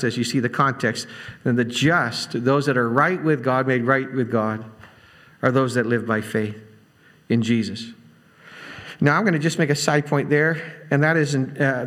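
Earnest higher-voiced male pastor. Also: a bit bright. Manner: earnest, emphatic repetition of key phrases; reads scripture aloud, then explains it conversationally. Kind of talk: expository Bible teaching.

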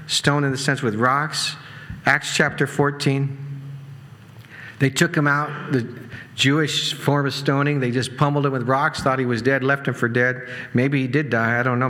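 A man preaching a sermon in a conversational way, with asides and quick laughs. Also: mid-range voice, bright, forceful tone. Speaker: pastor. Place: church sanctuary.

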